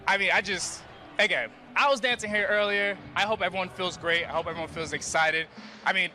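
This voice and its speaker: A man reporting live from a keynote hall, excited and energetic. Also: high-pitched, brisk, slight background noise. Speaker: event correspondent.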